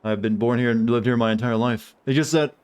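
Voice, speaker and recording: Male streamer, mild Southern drawl, casual rambling chat, middle pitch. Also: fairly quick, darkish tone, smooth. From American South. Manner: rambling, self-deprecating.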